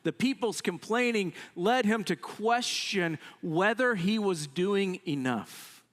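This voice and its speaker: Lively-pitched pastor preaching in a reverberant hall. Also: male voice, slow pace. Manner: animated storytelling, acts out quoted complaints; conversational, frequent "I mean" asides. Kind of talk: sermon.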